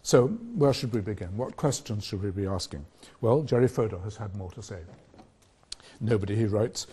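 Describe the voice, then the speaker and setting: An older man giving a university philosophy lecture, measured and reflective, posing rhetorical questions. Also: mid-range voice, expressive, dark tone, husky. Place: lecture hall.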